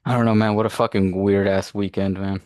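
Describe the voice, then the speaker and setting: A man's voice: lowish voice, flat delivery, fairly quick, darkish tone, no echo, studio quality. A young man co-hosting a casual sports podcast, laid-back, laughing and swearing casually. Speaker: podcast co-host. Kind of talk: casual chat.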